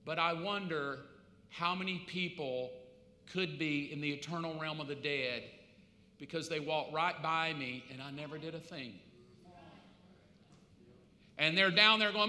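A man preaches a sermon in a church sanctuary, his bright, forceful voice ringing through a reverberant hall. He moves between hushed storytelling and loud, pleading outbursts. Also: on the high side, measured pace, long pauses. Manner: swings from quiet storytelling to loud acted pleading. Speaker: pastor. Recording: echoey hall.

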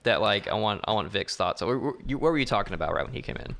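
A man's voice: fast talker, creaky. A man hosting a casual podcast chat, easygoing and steering the conversation. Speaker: podcast host. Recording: steady rumble in the background.

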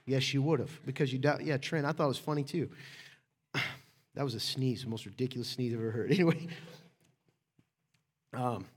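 Brief: male pastor, slightly high voice, chatty sermon, teases listeners, goes from loud to hushed. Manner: conversational, joking with congregation by name.

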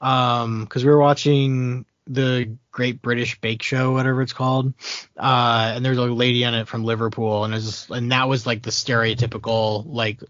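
Talking casually about movies in his Midwestern accent, this man has a mid-range, fairly bright voice and a flat delivery at a moderate pace. He hesitates, filling gaps and restarting often, on a dry, dull lo-fi recording without room sound.

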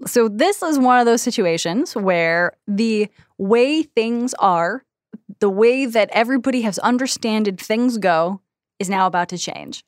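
A woman co-hosting a casual podcast. She gives thoughtful, encouraging advice in a relaxed, conversational way. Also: fairly high pitch, a little slow, dry recording, clean studio sound. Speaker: podcast co-host.

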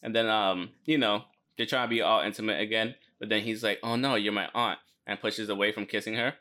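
A man's voice: lowish voice, fairly quick. A man casually recapping a TV episode, swearing and acting out the characters' lines. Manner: profane, animated retelling with quoted voices.

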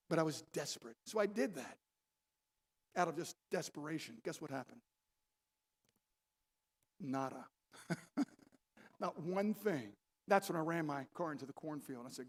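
An older man preaching a sermon, telling a personal story with quiet asides and loud emphatic peaks. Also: high voice, animated, a little fast. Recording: long reverb of a large hall.

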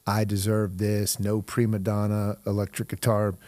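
Middle-aged male host with a low voice. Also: completely flat delivery, moderate pace, dry recording. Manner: warm storyteller, chuckles, searching phrasing. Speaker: host, youth leader. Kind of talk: casual interview chat.

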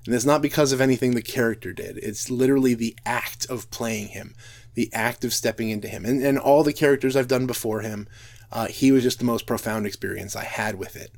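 A man's voice: mid-range voice, fairly quick, darkish tone. A man speaking earnestly and reflectively in a talk, often restarting his sentences. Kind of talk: earnest talk on role-play and Bible reading.

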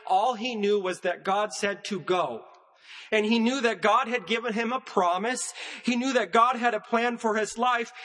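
A man delivers a sermon in a high-pitched voice. He speaks in a measured preaching cadence and hammers home his points with repetition. His words echo with the long reverb of a church sanctuary. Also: bright, forceful tone.

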